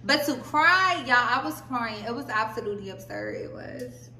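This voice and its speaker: A woman's voice: fairly high pitch, lively intonation, moderate pace, sharp tone, slight background noise. A young woman vlogging casual pregnancy advice, chatty and talking straight to her viewers as "y'all". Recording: echoey room, voice a bit far from mic.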